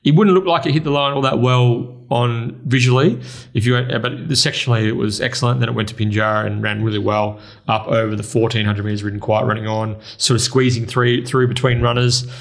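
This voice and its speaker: An Australian man co-hosting a racing podcast, running through race form briskly. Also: mid-range voice, steady tone, gravelly. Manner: brisk, runs through form in quick bursts. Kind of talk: casual race preview chat.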